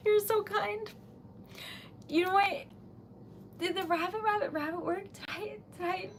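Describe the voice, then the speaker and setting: Giggly high-voiced woman, slow and emotional. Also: fairly even intonation, a little hiss or hum. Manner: giggly, emotional, tearful gratitude. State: losing her voice. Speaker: livestream host. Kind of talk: casual livestream chat. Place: home at midnight.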